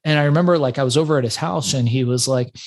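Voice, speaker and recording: A man's voice: medium pitch, quick pace. Iran-born man telling his story. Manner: animated storyteller with frequent restarts. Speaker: podcast guest. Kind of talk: casual interview storytelling.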